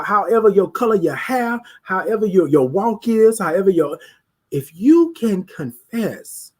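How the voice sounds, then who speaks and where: Husky man preaching to his viewers. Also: high-pitched, darkish tone. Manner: preachy, emphatic, talks straight to viewers. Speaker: host of a live talk show. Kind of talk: motivational live-stream monologue.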